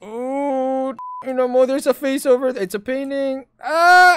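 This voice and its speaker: A young Filipino woman with a hoarse voice, loudly reacting and swearing as she plays a horror game live, mixing Tagalog into her English. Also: high-pitched, unhurried, hardly any pauses. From Philippines. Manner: loud, jumpy, swears often, mixes Tagalog into English. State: hoarse from shouting. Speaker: streamer.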